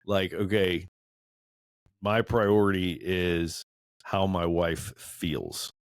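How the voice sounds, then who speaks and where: A man's voice: low-pitched, very slow, no echo. A man in his forties sharing his own story in a candid group discussion, earnest and self-deprecating, laughing now and then. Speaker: podcast panelist.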